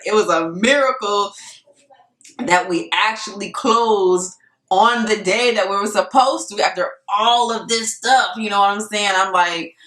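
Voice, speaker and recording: A young adult woman telling a story to camera in a casual vlog, animated and laughing often as she acts out what people said. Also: lowish voice. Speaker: vlogger. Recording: echoey room, mic at a distance.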